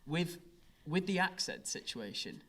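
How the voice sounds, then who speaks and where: A man's voice: sits high, big pitch swings, measured pace, fairly bright tone. Conversational male podcast host. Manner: conversational, lots of fillers like "kind of". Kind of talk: casual podcast interview.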